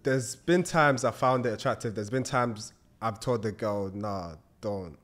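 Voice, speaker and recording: A man's voice: on the low side, unhurried, fairly bright tone. A young man, a guest in a casual chat, giving laid-back, brief answers.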